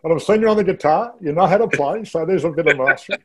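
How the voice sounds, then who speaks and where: A man's voice: a little high, quick pace, breathy edge. A man hosting an interview show, chatty and enthusiastic, often restarting sentences. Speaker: host.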